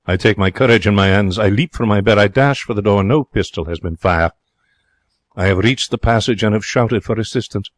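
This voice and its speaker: A man playing an excitable young Frenchman. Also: lowish voice, fairly quick, no echo, clean studio sound, close to an everyday voice. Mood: wistful. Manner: broken English, theatrical and emotional. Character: young excitable romantic Frenchman, former hotel cashier. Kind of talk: 1940s radio drama narration.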